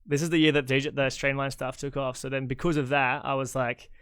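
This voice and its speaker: A man's voice: mid-range voice, flat delivery, brisk, fairly bright tone, clean tone, no echo. An Australian man in his thirties, a guest DJ telling stories in a laid-back, casual podcast chat full of fillers. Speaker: guest DJ and agency owner.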